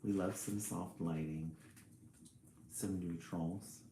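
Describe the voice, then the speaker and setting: A man reading a picture book aloud on a livestream, chatty and quick to laugh, greeting viewers between pages. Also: deep voice, steady tone, dark tone, a little hiss or hum. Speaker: storyteller and livestream host. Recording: roomy echo.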